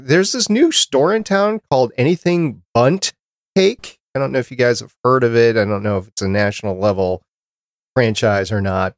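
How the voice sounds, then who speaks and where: A podcast host with a mid-range voice chats casually, talkatively reading out dates and lists. The sound is clean studio quality with no room sound.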